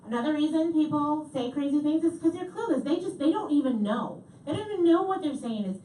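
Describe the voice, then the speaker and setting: A woman giving a comedic keynote talk, lively and animated, repeating audience answers back to them. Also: sits high, fairly quick. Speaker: keynote speaker. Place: large hall. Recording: echoey hall from far off, faint noise.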